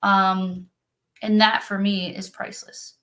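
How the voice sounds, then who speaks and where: A woman's voice: mid-range voice, flat delivery, slow pace, a bit bright. A woman speaking earnestly and from the heart in a casual conversation, as a spiritual practitioner on a video call.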